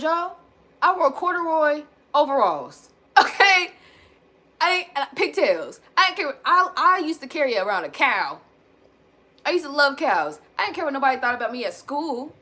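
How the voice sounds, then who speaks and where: Woman, 30s, candid venting monologue, blunt, casual swearing, slightly high, bright voice. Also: very animated, moderate pace. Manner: addresses viewers as y'all. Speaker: self-help vlogger.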